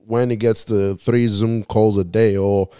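A man with a low, mellow voice speaks in a laid-back, measured way. The sound is dry and close, with no room around it. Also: level tone, smooth, no echo. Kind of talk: casual chat.

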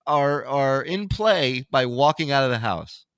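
A male podcast co-host mocks a clip with sarcastic running commentary. His voice is bright and cutting, and the recording sounds dry and close. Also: medium pitch, expressive, a little slow, dry recording. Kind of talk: comedic podcast banter.

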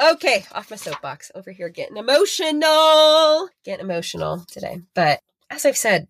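A woman's voice: mid-range voice, no echo. A woman hosting a podcast, talking earnestly and emotionally with lots of fillers as she motivates listeners. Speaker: podcast host and retreat facilitator.

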